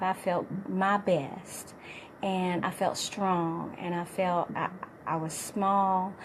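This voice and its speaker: A middle-aged woman fitness coach with a hoarse, partly lost voice, giving an upbeat, encouraging motivational talk to her viewers. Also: mid-range voice, a little hiss or hum.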